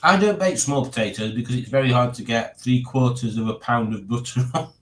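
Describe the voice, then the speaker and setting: A man's voice: medium pitch, a little fast. A man hosting a live stream, reading chat aloud in a chatty, jokey way and laughing often. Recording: roomy echo.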